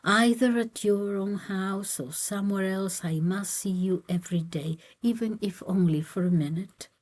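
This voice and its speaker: A woman reading aloud, voicing an ardent young man who keeps pleading with a married woman in a hushed, whispered voice. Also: mid-range voice, normal speed, close to an everyday voice. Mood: pleading ardently.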